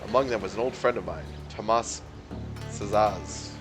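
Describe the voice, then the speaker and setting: A man's voice: on the low side, moderate pace, music in the background, lightly acted. A man reading as a formal mercenary soldier.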